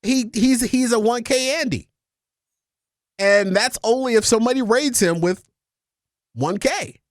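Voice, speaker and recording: A man's voice: very high-pitched, measured pace, dry recording, clean studio sound. A man co-hosting a casual podcast, ranting emphatically and swearing often. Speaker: podcast co-host.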